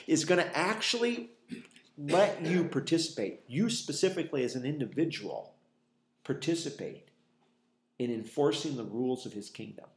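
A man's voice: a little high, darkish tone. A man leading a conversational Bible study in a church meeting room, folksy in manner, posing rhetorical questions and acting out quoted dialogue for a small group. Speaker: Bible teacher. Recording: echoey room.

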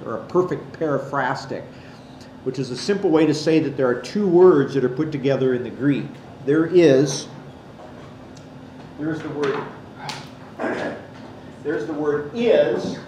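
A man with a medium-pitched, slightly mellow voice gives an explanatory Bible lesson to a class, pointing things out on a board. It seems to be a classroom or church hall, and the recording is echoey with faint background noise.

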